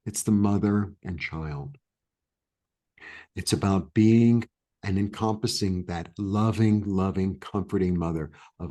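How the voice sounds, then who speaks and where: Speaking low and unhurried, a New Yorker being interviewed rambles through a story with lively energy, frequent false starts, and plenty of fillers. The exchange is a casual, story-driven chat.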